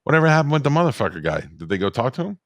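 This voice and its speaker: A man's voice: medium pitch, very animated, very fast, no echo. A man co-hosting a podcast in casual chat, with dry, teasing banter. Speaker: podcast co-host.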